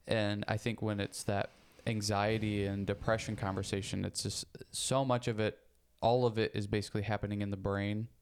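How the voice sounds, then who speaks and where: A young man co-hosting a podcast in casual chat, rambling and repeating words, getting animated when he makes a point. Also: on the low side, normal speed, a little hiss or hum. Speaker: podcast co-host.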